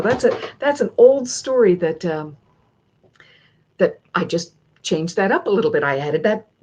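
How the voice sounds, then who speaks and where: A woman's voice: mid-range voice, a little mellow. A woman storyteller leading a workshop, talking in a chatty, digressive way with many restarts, over dull lo-fi stream audio. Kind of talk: casual instructional talk.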